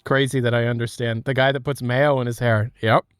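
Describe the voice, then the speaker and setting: A man's voice: mid-range voice, level tone, a little fast, clear, resonant tone, no echo, studio quality. A man streaming from home, chatting casually, joking and laughing at his own bits. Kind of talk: casual chat.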